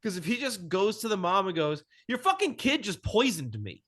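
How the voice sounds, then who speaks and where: A man with a high, bright voice chats casually about a film on a podcast. His pitch jumps all over, and he acts out quotes with plenty of swearing. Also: moderate pace. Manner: animated, swearing, acting out quotes. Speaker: podcast co-host.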